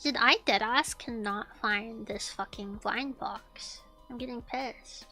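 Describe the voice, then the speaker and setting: A young woman streamer telling a story in casual chat, animated, swearing and repeating her lines. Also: a little high, slow pace, faint music behind.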